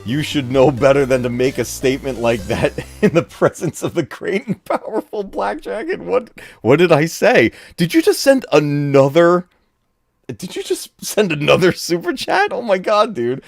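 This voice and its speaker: Gaming streamer, male, lively delivery, dry close-miked sound, chatty and excitable. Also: on the high side, normal speed, no room sound, soft background music. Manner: excitable, laughs often, talks to chat. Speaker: gaming channel host. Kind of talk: casual live-stream chat. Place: home room.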